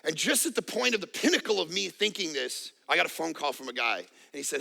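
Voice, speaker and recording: Pastor, man, 40s: sharp, bright-edged voice, high-set, emphatic repeating sermon delivery with quips. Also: sing-song, fast talker, gravelly, hardly any pauses. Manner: emphatic, repetitive, joking asides.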